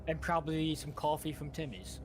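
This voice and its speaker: A man from the United States streaming a game, chatting casually in a rambling, halting way with many restarts. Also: fairly high pitch. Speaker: streamer, former soldier. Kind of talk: casual chat while gaming.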